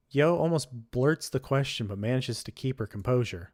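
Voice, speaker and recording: A man's voice: medium pitch, fairly quick, few pauses. Man reading a visual novel aloud. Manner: steady reading with frequent slips and self-corrections. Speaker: let's play streamer reading a visual novel. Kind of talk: reading game text aloud.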